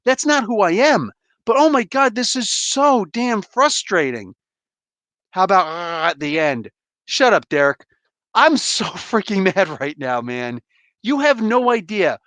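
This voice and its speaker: A man's voice: high voice, sing-song, a little slow, a bit bright, no room sound. A man hosting a live comic book review, ranting in an exasperated, blunt way, swearing casually and calling out viewers in chat. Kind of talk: heated live review rant.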